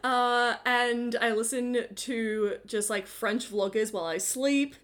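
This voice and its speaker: A woman's voice: a little high, fairly even intonation, takes it slowly. A woman co-hosting a casual podcast chat, telling stories in a giggly, self-mocking way. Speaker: podcast co-host.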